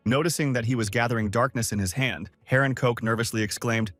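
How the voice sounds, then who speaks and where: A man narrating a story recap from a script in a steady storytelling manner. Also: medium pitch, fairly quick, no room sound. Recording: dry close voice over soft music.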